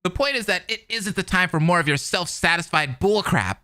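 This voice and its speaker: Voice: medium pitch, expressive, brisk. A voice actor in a fan-made game dub playing a hot-headed boy who furiously defends a friend. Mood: angry. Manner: furious, shouting back.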